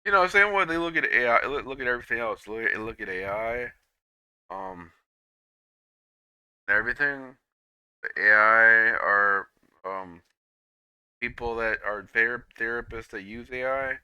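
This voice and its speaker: Swearing freely, a young man stumbles through a personal monologue full of restarts and repetitions. He speaks at a medium pitch with a sharp, clean tone, and the dull lo-fi recording has no echo.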